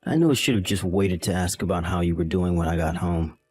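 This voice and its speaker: A man's voice: sits low, a little fast, a little mellow, husky, no echo, faint music behind. A man voicing a callous young husband in a text-message drama, irritated and condescending. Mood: dismissive.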